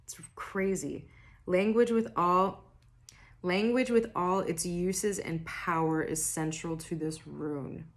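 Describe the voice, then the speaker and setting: Slow, rambling woman with a tired, raspy throat. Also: on the low side, fairly even intonation. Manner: rambling, self-interrupting, laughs at herself. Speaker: tarot reader. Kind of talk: casual spiritual reading to camera.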